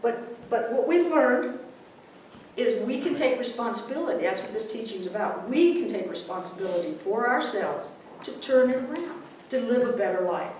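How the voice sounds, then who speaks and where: A woman's voice: a little high, animated, moderate pace, slight background noise. A woman giving a chatty, casual sermon, mixing readings and a humorous story. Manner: warm, chatty, laughs at her own jokes. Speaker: minister giving a talk. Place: large echoey hall with a congregation. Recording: very echoey hall, voice from far off.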